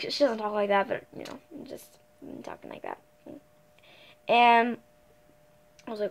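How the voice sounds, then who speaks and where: A teenage girl telling stories to her viewers in a loose, rambling way. She fills gaps with fillers and keeps correcting herself. Her voice sits a little high for her age. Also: a little slow, gravelly, long pauses. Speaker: vlogger. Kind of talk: casual storytime chat.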